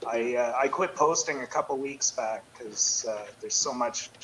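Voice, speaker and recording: Man, guest musician, laid-back, modest, mid pitch. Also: normal speed, a bit bright, a little hiss or hum, rough recording. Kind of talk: casual interview chat.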